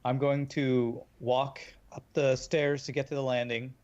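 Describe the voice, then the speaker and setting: A man playing a character in a tabletop role-playing game, speaking carefully and deliberately. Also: mid-range voice, little pitch movement, darkish tone, dull audio. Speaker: player.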